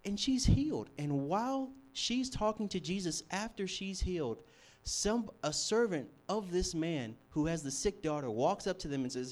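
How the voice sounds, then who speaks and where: A young man preaching a sermon, telling a story with animated shifts from hushed to loud. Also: high voice, normal speed. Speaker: campus ministry preacher.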